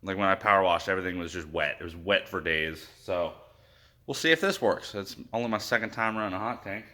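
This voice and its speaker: A man with a somewhat low, bright, forward voice, gone hoarse. He talks casually through his engine cleanup, padding his walkthrough with fillers and asides. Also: a little fast. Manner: chatty, full of fillers and asides. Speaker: car-build vlogger.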